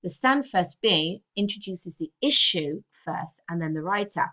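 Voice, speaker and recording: A woman's voice: fairly low pitch, expressive, a little slow, bright, forceful tone. Woman teacher explaining text analysis. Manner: explanatory, checks in with students often. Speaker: English teacher. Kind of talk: recorded classroom lesson.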